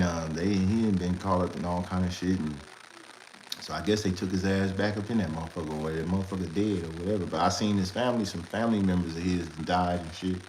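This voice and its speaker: A man with a fairly low voice spins a loose, laughing street story, full of slang and asides. He sounds like he's in an echoey room, with a faint hum of ambience behind him. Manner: animated, laughing retelling with heavy slang. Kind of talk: casual storytelling.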